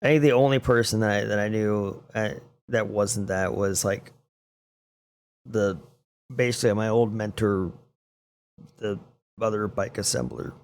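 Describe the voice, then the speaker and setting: A man's voice: lowish voice, measured pace, pauses often. A young man co-hosting a podcast, talking bluntly in casual chat and swearing a lot. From Arizona. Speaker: podcast co-host.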